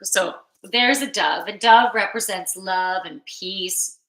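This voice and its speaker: A woman giving a relaxed, rambling card reading on a live stream, answering viewers' chat and yawning now and then. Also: mid-range voice, slow pace, echoey room. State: sleepy, yawning. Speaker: spiritual card reader and yoga teacher.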